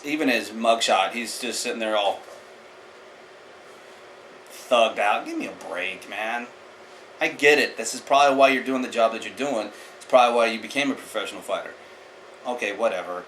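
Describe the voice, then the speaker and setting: Male martial-arts vlogger, bright forceful voice, blunt opinion talk with a faint hiss behind. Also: medium pitch, low-quality recording. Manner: blunt, opinionated, talks to the viewer directly. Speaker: martial arts channel host. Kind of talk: casual opinion commentary.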